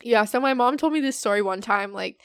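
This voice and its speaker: A young woman co-hosting a casual chat, giggling and teasing with quick asides. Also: a little high, a bit bright, smooth, no echo, studio quality. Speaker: podcast co-host.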